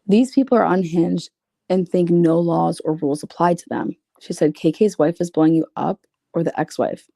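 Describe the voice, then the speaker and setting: A woman's voice: lowish voice, moderate pace, creaky, mellow, no room sound, studio quality. A woman reading out private messages and commenting on them in a blunt, profane, sarcastic way. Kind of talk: casual commentary reading screenshots.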